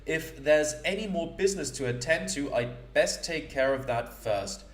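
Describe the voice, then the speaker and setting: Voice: medium pitch, animated, normal speed, soft background music, close to an everyday voice. A man voicing a jovial, tough female minotaur with a hearty, teasing manner. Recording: roomy echo.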